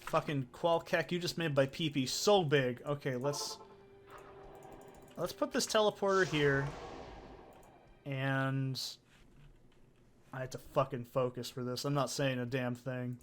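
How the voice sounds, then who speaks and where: This let's play host talks at a measured pace with long pauses, his voice mid-range, over slight background noise. He comments casually on the video game he's playing, wandering between topics and cursing freely in a chatty way.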